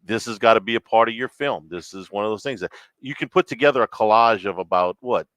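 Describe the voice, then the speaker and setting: A man co-hosting a live sports radio show, talking in an easygoing, casual way with halting restarts. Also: on the low side, fairly bright tone, no echo. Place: restaurant, live remote broadcast.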